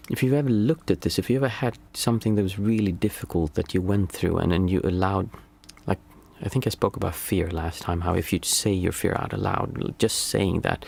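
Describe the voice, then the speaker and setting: A man's voice: deep voice, creaky, darkish tone, husky. A man who is a meditation teacher and a father of small children, giving a reflective, casual talk and searching aloud for the right words. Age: young adult to middle-aged, father of small children. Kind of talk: casual spoken teaching on a livestream.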